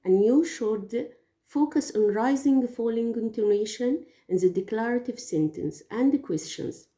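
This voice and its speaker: Slow, careful Arabic-speaking woman teacher. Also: fairly high pitch, animated, warm tone. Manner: slow, careful explaining with hesitations. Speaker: English teacher. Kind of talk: teaching tips, spoken lesson. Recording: echoey room.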